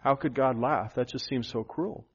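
Guy preaching a sermon, gets excited and goes high on the punchlines, kinda dull sound. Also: normal speed, slightly rough. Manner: animated preaching, rising pitch for emphasis. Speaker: pastor.

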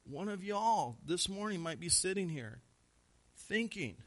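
A man in his thirties preaching a sermon as pastor, pressing points with repeated words, then dropping low and quiet. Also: animated, a little slow.

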